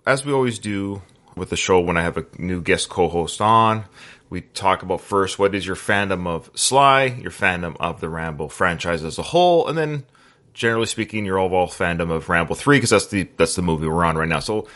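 A man's voice: deep voice, animated, brisk, fairly bright tone. A man from Western Canada, hosting a podcast in an enthusiastic, jokey way with rambling asides. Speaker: podcast host. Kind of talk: casual podcast chat.

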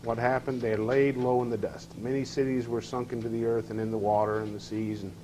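A man's voice: medium pitch, little pitch movement, fairly quick, a little mellow, a little hiss or hum, poor audio. A man teaching a scripture class, questioning his listeners and reading verses aloud with rising emphasis.

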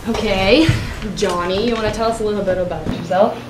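A woman's voice: mid-range voice, lightly acted. A teen girl playing a polite job interviewer. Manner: polite, halting questions. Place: school room. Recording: echoey room from far, noisy.

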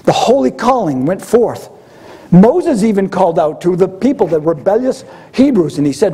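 A man delivering a sermon in a conversational, storytelling manner. His voice sits high for a man, yet it is mellow and slightly husky. He often slips into the voices of the people he quotes. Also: very animated, moderate pace. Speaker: preacher.

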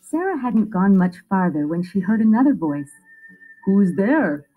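Lively woman narrator for a picture book, music faint. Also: medium pitch, moderate pace, phone-quality sound. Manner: expressive storytelling. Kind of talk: children's story read-aloud.

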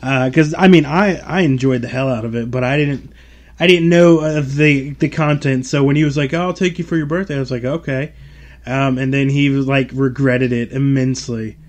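A podcast host chats casually, pausing often on ums and uhs. He is a man with an ordinary mid-range voice. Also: medium pitch, fairly even intonation. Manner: hesitant, filler-heavy, laughing. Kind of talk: casual chat.

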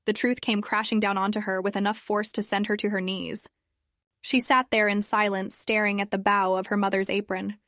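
A woman reading a fan fiction story aloud in an expressive narrating voice. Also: mid-range voice, moderate pace, dry recording, studio quality.

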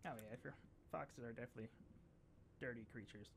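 A man co-hosting a casual chat, making quick, joking remarks. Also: medium pitch, steady tone, background noise. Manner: quick, jokey, gravelly. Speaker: podcast co-host.

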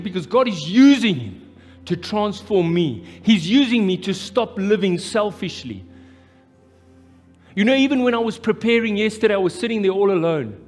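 A South African pastor with an Afrikaans-tinged accent preaching a live sermon, impassioned and repeating his phrases. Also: high-pitched. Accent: South African, Afrikaans-influenced. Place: church hall. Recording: live church hall reverb with music.

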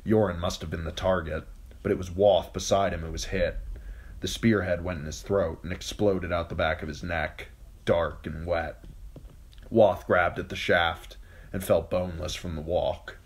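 Deep-voiced man reading an audiobook. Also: moderate pace, husky. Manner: steady, even read with occasional slips. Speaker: amateur audiobook reader. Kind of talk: audiobook narration.

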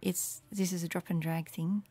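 A woman giving a casual, rambling screen walkthrough of her Latin study resources, with many fillers and soft murmured asides. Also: on the low side, level tone, moderate pace, slightly rough. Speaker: Latin teacher making resources.

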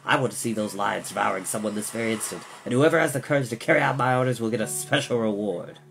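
Man doing a villainous count, deep, booming roar, commanding, storybook. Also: quick pace, gravelly, fairly bright tone, a little hiss or hum. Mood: furious, commanding. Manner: roaring and commanding.

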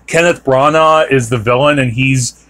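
A man with a mid-range, fairly bright voice hosts a podcast at a moderate pace. He chats casually and meanders, restarting sentences and leaning on fillers.

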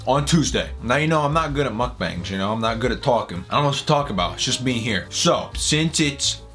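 A man's voice: mid-range voice, lively intonation, brisk, fairly bright tone. Goofy young guy vlogging, voice jumps all over, music going behind. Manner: goofy, hypes every line up. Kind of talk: comedic vlog and reaction.

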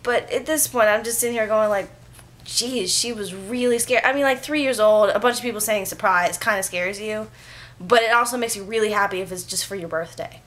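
A young woman telling a story to camera in a casual vlog. She chats loosely, leans on lots of "like" fillers, and grows animated as she retells it. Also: medium pitch, a little fast. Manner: chatty, filler-heavy with frequent "like". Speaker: vlogger.

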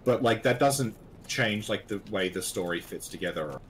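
A man's voice: fairly low pitch, animated, moderate pace, a bit bright, a little hiss or hum. A man co-hosting a game stream, talking casually with a rambling manner and many fillers. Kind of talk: casual chat while gaming.

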